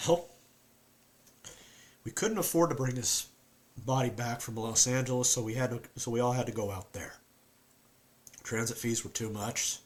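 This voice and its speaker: A man voicing a grieving rural Southern man, speaking in a slow, halting drawl with a Southern accent as a dramatic monologue. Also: medium pitch, close to an everyday voice. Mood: grim, haunted.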